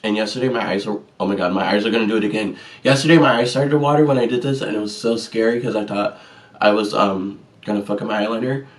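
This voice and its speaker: A man's voice: fairly low pitch, fairly even intonation, quick pace, recorded from a distance. A man chatting casually and sassily through a makeup tutorial, joking at his own mistakes. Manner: chatty, sassy and self-deprecating. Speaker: vlogger.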